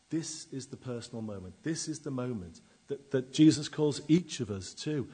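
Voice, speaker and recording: Husky-voiced man preaching a sermon. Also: mid-range voice, lively intonation. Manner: dramatic, wide swings in loudness, slow emphatic pauses.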